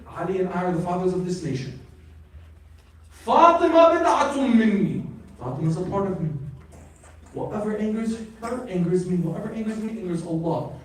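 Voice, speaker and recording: A man's voice: high voice, dark tone, distant mic. Emphatic man lecturing in an echoey hall. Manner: emphatic, calls out questions to the audience. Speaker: religious lecturer. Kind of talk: religious lecture to a live audience. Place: large hall at an Islamic center.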